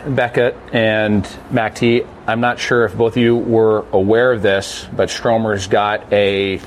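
A man's voice: on the low side, flat delivery, a little slow, slight background noise. A young man hosting a casual sports podcast, chatty and upbeat as he asks the players questions. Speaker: podcast host.

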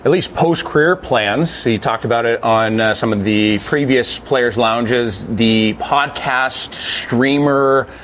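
A male podcast host with a steady, middle-pitched voice, breezy and upbeat as he steers a casual chat. A faint hiss sits under his talk. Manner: breezy, upbeat, guides the talk with quick questions.

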